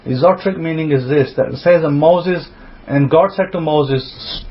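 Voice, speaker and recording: A man's voice: a little high, moderate pace, dull audio, a little hiss or hum. A man teaching scripture, reading verses aloud and explaining them as he thinks aloud. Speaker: rabbi.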